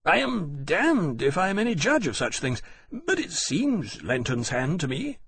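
A man's voice: fairly high pitch, sing-song, brisk, creaky, voice pushed up. A man voicing a blunt, hearty male aviator officer with a raised, brusque voice. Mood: doubtful.

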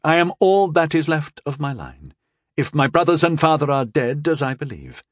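A man's voice: on the high side, very animated, moderate pace, no echo, clean studio sound, voice pushed up. A man voicing a haughty, wary young noble girl whose voice is a little shaky.

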